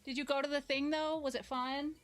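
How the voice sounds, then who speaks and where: A young woman with a slightly raised voice chats casually with her stream chat while she juggles at home. She reads chat aloud and lets out sudden yelps, sounding warm and a little sweaty from the effort. Faint music plays behind her corded mic. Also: high-pitched, level tone, brisk. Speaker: live streamer.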